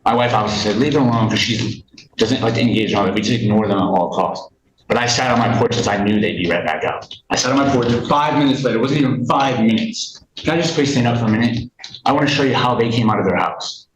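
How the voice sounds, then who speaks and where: A man's voice: medium pitch, fast talker. Indignant man testifying in court. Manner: indignant, rambling, repeats himself. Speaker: respondent in a court hearing. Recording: echoey courtroom mic, faint noise.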